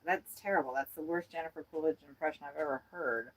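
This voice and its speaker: A woman's voice: low-pitched, fast, few pauses, poor audio. A woman hosting a casual birdwatching livestream from inside an RV, chatty and playful with frequent giggles. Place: indoors in an RV.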